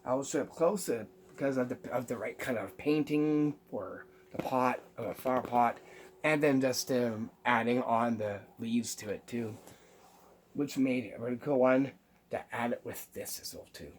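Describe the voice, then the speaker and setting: A man explaining how a magic prank is made, step by step, pausing often with ums. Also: mid-range voice, slight background noise. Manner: unhurried, halting with many ums, explaining step by step. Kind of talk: magic trick tutorial.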